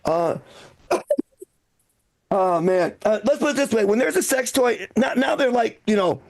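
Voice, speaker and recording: Older male stand-up emcee, sixties, very high gravelly voice, rambling self-deprecating delivery. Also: animated, slow pace, darkish tone. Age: 60s. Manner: rambling, self-mocking delivery with frequent restarts. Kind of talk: live stand-up comedy set. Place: comedy club stage.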